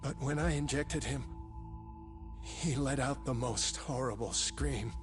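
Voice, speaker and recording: Man voicing a guilt-ridden scientist, hesitant, earnest, mid pitch, game dialogue. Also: slow pace, natural voice. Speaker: research scientist. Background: dramatic game music.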